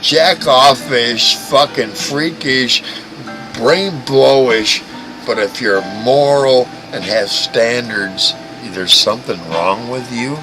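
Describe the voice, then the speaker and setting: Crude, ranting man with a lively voice. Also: mid-range voice, poor audio. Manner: mocking, crude, swears constantly, stammering restarts. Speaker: livestream host. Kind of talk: profane ranting livestream chat. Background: music playing.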